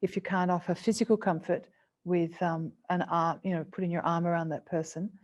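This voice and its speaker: A woman clinical psychologist presenting a seminar to a live and online audience, speaking earnestly and gently and repeating phrases for emphasis. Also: on the low side, fairly even intonation, a little fast. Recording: dull lo-fi webinar audio.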